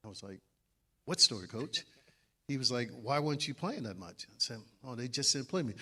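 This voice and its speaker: A man, a former player, telling an animated story and acting out quotes loudly. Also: medium pitch, brisk. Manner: acts out quotes loudly, laughs while telling. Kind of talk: animated anecdote.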